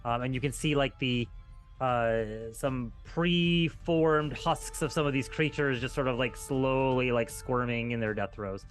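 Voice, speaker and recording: A man's voice: medium pitch, fairly even intonation, measured pace, faint music behind. A man running a tabletop game as game master, narrating in a loose, filler-heavy way.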